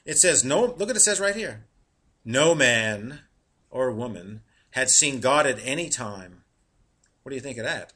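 Male preacher, middle-aged, husky edge, bright tone, slows down to read verses. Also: mid-range voice. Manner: animated, laughing at his own jokes, slowing to read verses. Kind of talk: sermon.

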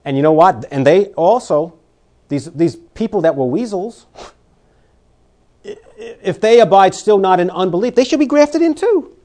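A man preaching a sermon, reading scripture aloud and swinging between loud emphatic declarations and quiet warnings. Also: sits high, expressive, moderate pace.

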